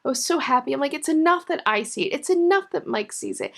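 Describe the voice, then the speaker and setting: A woman knitting vlogger telling a personal story to camera in a casual, animated way, laughing often and getting emotional. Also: sits high, fast talker, creaky.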